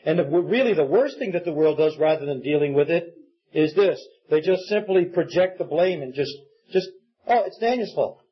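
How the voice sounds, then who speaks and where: A man's voice: fairly high pitch, lively intonation, normal speed, slightly rough. A man preaching a sermon in an earnest way, acting out quoted pleas for help. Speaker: pastor. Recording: dull lo-fi recording.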